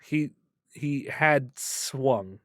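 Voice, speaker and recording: A man's voice: medium pitch, very slow, fairly bright tone, dry recording, clean studio sound. A man co-hosting a podcast, rambling through stories in a playful way and laughing often. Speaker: podcast co-host. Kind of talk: casual late-night chat.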